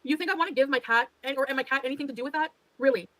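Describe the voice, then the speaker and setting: A woman's voice: high voice, racing, a bit bright, no room sound, rough recording. A woman ranting defensively on a livestream, exasperated and swearing as she talks. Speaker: livestreamer being reacted to. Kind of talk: heated livestream rant.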